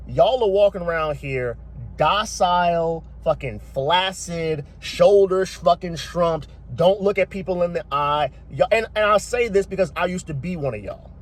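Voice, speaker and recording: A man in his thirties giving a blunt, profane motivational rant, talking forcefully and preachily. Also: high-pitched, a little slow. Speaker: commentator.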